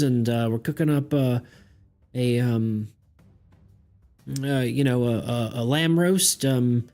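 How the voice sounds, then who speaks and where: A man doing a halting, folksy old farmer. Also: medium pitch, a little mellow, pitched above the performer's own voice, lightly acted. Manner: folksy, halting, full of hesitations. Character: kindly, grateful older male farmer.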